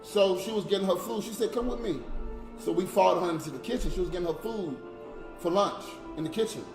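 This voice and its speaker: A man's voice: high-pitched, quick pace, vocal fry, reverberant, over music. A man telling an emotional personal story in a repetitive, profane, impassioned way, urging listeners not to give up.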